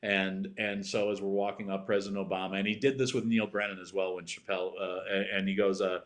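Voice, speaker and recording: A man's voice: low voice, level tone, fast. A middle-aged man, a TV writer appearing as a podcast guest, telling a comedic story in a rambling way, full of "like" fillers and swearing. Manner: rambling anecdotal delivery full of "like" fillers and profanity.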